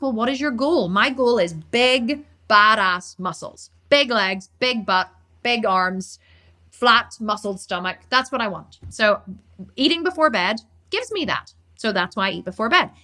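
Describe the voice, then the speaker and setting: A fitness coach and bodybuilder with a slightly high voice responds to questions on a laid-back live stream. She rattles along at great speed, animated and insistent, repeating words to underline them.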